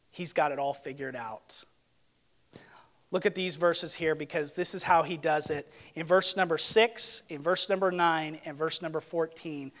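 A male pastor preaching a sermon with passion, swinging between emphatic outbursts and hushed asides. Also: sits high.

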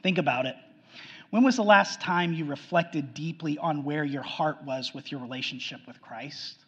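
A man preaching a sermon earnestly, repeating his points and swinging from loud emphasis to hushed low lines. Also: moderate pace, husky. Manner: earnest, repetitive, frequent restarts, swings between loud emphasis and hushed lows. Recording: muffled sound with long hall reverb.

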